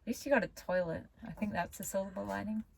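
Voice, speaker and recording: A woman's voice: medium pitch, steady tone, fast talker, creaky, a little mellow, breathy edge, rough recording. A woman chatting casually, giving short, agreeable replies. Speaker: chat partner. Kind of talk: casual chat.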